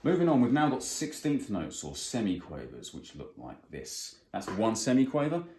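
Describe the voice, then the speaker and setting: Guy teaching guitar rhythms, deep voice, counts beats out loud, echoey room. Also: sing-song, normal speed. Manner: explains plainly, counts beats aloud. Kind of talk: music theory lesson. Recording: roomy sound with faint guitar.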